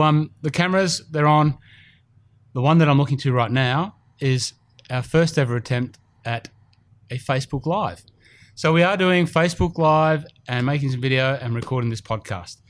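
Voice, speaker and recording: A man's voice: medium pitch, moderate pace. A man hosting a casual podcast in an indoor golf studio, chatty and rambling with fillers. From Australia. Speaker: podcast host.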